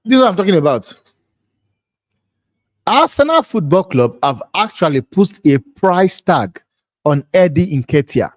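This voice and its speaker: A man hosts a live football stream and rants with incredulity, circling back over the same point. His voice sits a little high for a man. The sound is close and dry. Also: sing-song, a little slow, no room sound. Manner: incredulous, ranting, repeats himself. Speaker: host. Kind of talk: live football watch-along chat.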